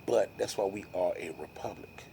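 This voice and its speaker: Man vlogger, casual rambling storyteller, gravelly mellow voice, faint room noise. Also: low voice, moderate pace. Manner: rambling, musing, with frequent restarts.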